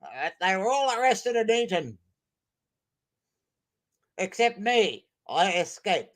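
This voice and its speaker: A man's voice: high-pitched, big pitch swings, slow, pitched above the performer's own voice, exaggerated voice. A man voicing a simple-minded, rowdy Brussels sprout, in an improvised comedy bit.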